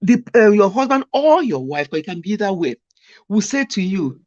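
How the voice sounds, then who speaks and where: A woman's voice: mid-range voice, moderate pace, dry recording. A woman host, chatting casually about marriage and acting out what spouses say. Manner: animated, acts out quoted spouses. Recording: muffled lo-fi sound.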